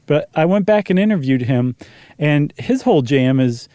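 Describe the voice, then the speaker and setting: Easygoing podcast guy, mellow tone, dry close mic, lots of ums and likes. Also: a little high, animated, normal speed, no echo. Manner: conversational, rambling with fillers. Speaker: podcast co-host. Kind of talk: casual chat.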